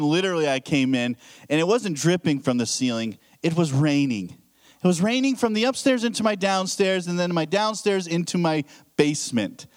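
Male pastor, 30s, high animated voice, casual preaching, banters with the crowd. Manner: conversational, jokes with the congregation, asks questions. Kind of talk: casual sermon.

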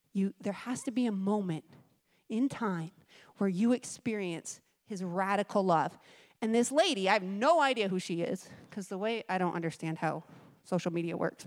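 A woman preaching a sermon in a church, telling stories in an emphatic, off-the-cuff way. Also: mid-range voice. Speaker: guest preacher.

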